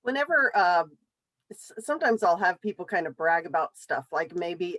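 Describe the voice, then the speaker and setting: A fairly low-voiced woman shares a sales tip on a team video call. She talks in a hesitant, casual way with restarts. The sound is dry, with no room echo. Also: a little slow, a bit bright. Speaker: team member sharing a tip. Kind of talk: casual chat.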